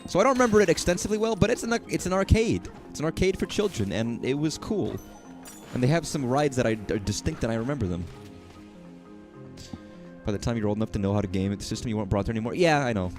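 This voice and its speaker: A man's voice: medium pitch, animated, quick pace, a little mellow, faint music behind. Rambling, swearing man on stream. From Texas. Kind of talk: casual rambling chat.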